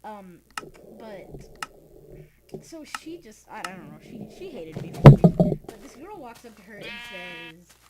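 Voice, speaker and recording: A man's voice: high voice, big pitch swings, a little slow. A teenage boy rambling through a casual story, full of fillers and restarts, as host of a game video. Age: teens. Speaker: let's play host. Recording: loud background noise with clicks.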